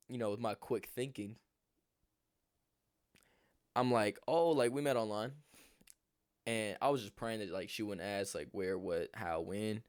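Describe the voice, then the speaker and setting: A young man telling a storytime vlog in a rambling, animated way, swearing freely. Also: lowish voice. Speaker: vlogger.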